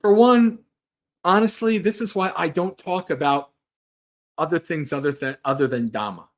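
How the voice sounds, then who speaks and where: A man with a somewhat high voice speaks as a Buddhist monk hosting a livestream. He talks casually and earnestly, often restarting his phrases, and his delivery sounds unscripted and conversational. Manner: rambling and earnest, with frequent restarts and light laughs. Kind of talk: casual Dharma talk and Q&A.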